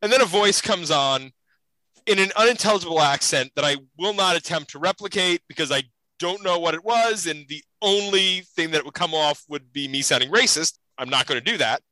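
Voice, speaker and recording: A man hosting a podcast in casual chat, telling stories with animated energy on a close mic. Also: on the high side, a little fast, no echo, poor audio. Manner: animated, lively storytelling. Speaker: podcast host.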